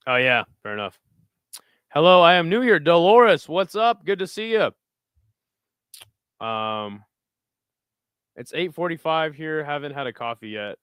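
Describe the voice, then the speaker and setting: A man's voice: a little high, sing-song, measured pace, pauses often, fairly bright tone, smooth, no room sound. A man hosting a casual livestream of fight picks, reading live chat and talking in a loose, rambling, profane way.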